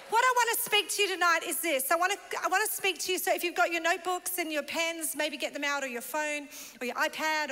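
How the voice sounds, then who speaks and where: A woman's voice: high voice, pushed and bright. A woman pastor from Northern Ireland, preaching in a bubbly, laughing, chatty way. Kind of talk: sermon. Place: large church hall. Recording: long church hall reverb.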